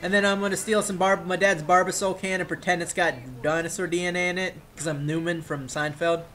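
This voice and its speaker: A man talks over his gameplay footage in a fairly high voice for a man. He rambles off on tangents with an excitable, loose delivery and swears casually along the way. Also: fairly quick. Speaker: gameplay commentator.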